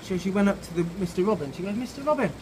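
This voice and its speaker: Rapid-fire and high-voiced, he reads his children's tale while a bit drunk, making things up and cursing between laughs. Loud outdoor noise surrounds the recording, made outside a pub.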